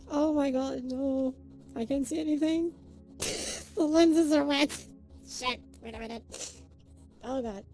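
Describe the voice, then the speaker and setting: High-voiced, excitable woman streamer. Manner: excitable, thanks viewers by name, swings between giggles and near tears. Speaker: live streamer. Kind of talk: casual live-stream chat with viewers.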